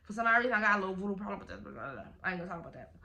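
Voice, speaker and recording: A young woman, telling a casual storytime vlog in an animated, slangy way, acting out the quotes. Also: medium pitch, racing, vocal fry, slight background noise. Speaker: vlogger.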